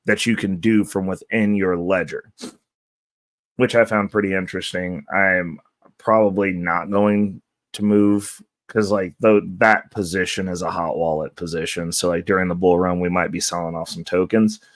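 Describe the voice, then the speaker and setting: Deep-voiced stuffy man, rambling casually. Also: steady tone, normal speed, no room sound, clean studio sound. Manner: loose and rambling, with many fillers and self-corrections; upbeat, hyping the viewers. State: stuffy and voice nearly worn out. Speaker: crypto channel host. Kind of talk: casual talk to camera.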